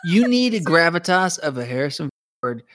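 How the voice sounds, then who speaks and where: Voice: mid-range voice, big pitch swings, moderate pace, a bit bright, dry recording, studio quality. A podcast co-host chatting casually at home, rambling and laughing at their own mishaps. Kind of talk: casual chat.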